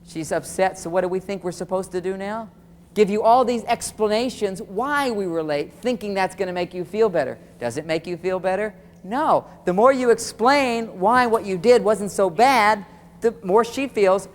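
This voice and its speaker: A man giving a live relationship seminar, animated and talking straight to his audience, often acting out quoted dialogue. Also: high voice, normal speed, big-room sound.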